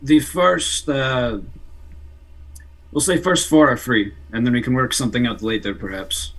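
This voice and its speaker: A man voicing a polite, slightly halting potion-selling cleric in a put-on Russian accent. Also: mid-range voice, fairly bright tone, poor audio. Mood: bargaining.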